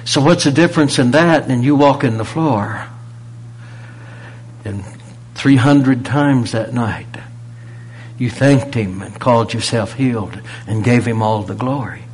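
Male preacher, husky voice, mid pitch, rhetorical sermon delivery that dips to near-whispers. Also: unhurried. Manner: rhetorical questions, swings from loud emphasis to near-whisper.

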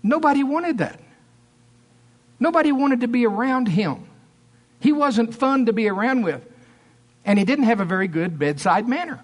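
A preacher, a man with a fairly high voice, delivers a sermon. He tells his stories with animation and acts out the lines of the people in them. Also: normal speed, pauses often. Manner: animated storytelling, acting out quotes.

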